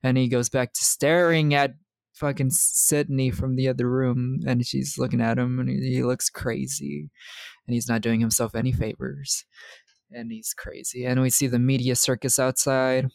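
A man's voice: medium pitch, flat delivery, normal speed, gravelly, darkish tone, no room sound. A man in his twenties recapping a film on a podcast in casual, profane chat, laughing often. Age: 20s.

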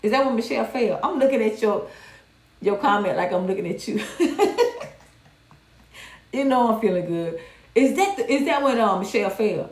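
A woman's voice: on the high side, moderate pace. Blunt profane woman. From Georgia, USA. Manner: blunt, profane and animated, reading viewer comments. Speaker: livestream host. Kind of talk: candid casual commentary. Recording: roomy echo.

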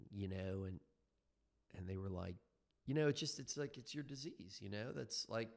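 Low-voiced man in his fifties, halting. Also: animated, vocal fry. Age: 50s. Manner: halting, reflective, many fillers and restarts. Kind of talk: personal recovery story. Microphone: headset.

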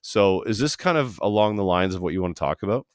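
Deep-voiced podcast host, chatty. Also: male voice, expressive, fast, dry recording, studio quality. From Canada. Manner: chatty, rambling, restarts often. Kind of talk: casual interview. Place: home basement studio.

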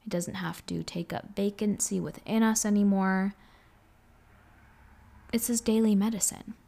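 Soft-spoken young woman with vocal fry. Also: medium pitch, steady tone, measured pace. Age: 20s. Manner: soft, earnest, often dropping into a breathy whisper. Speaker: podcast host. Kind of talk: reflective solo podcast monologue.

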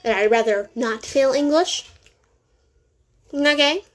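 A woman's voice: high-pitched, slow pace. A teenage girl hosting a casual solo podcast from home, rambling, correcting herself and making sarcastic asides. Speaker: podcast host.

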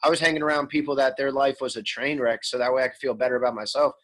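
A man's voice: medium pitch, fairly even intonation, very fast, fairly bright tone, low-quality recording. A man in his thirties, an interview guest telling his story frankly and conversationally, with frequent ums and restarts. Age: 30s. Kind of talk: candid storytelling.

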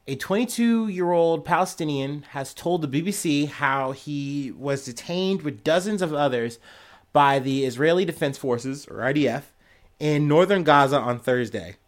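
A man's voice: on the high side, expressive, unhurried. A man hosting a news podcast, ranting casually and sarcastically with lots of swearing and mocking put-on voices. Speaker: podcast host.

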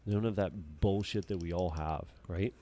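A man co-hosting a laid-back podcast, rambling and swearing freely. His voice is low and dark, with a faint hum of noise behind it. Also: moderate pace. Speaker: podcast co-host. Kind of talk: casual chat.

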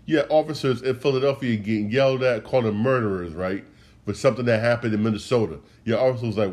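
A man's voice: mid-range voice, fast, a little mellow. A man hosting a solo podcast, ranting in a heated way, repeating himself and speaking straight to his listeners. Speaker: podcast host.

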